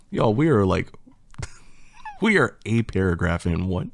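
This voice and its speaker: A man's voice: fairly low pitch, wildly swooping pitch, a little slow, gravelly, long pauses, no echo. A man chatting casually and reading a poem aloud, rambling, swearing and laughing often. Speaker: channel host.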